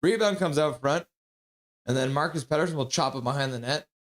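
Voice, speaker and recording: A man calls a hockey game live for his stream, quick to get excited and blunt in his judgments. His voice sits a little higher than most men's, and he slides easily between play-by-play and casual banter with chat. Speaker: streamer doing fan play-by-play.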